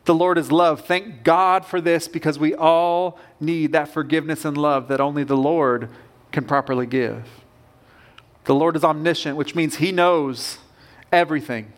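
High-voiced man preaching earnestly. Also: fairly even intonation, normal speed. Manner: earnest, emphatic preaching with rising bursts. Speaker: pastor. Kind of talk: sermon.

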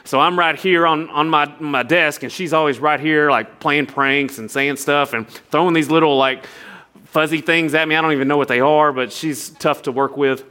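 A man's voice: on the high side, moderate pace, smooth. A young adult man, preaching a sermon with storytelling and earnest appeals. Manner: storytelling, animated impressions of others, earnest. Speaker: pastor.

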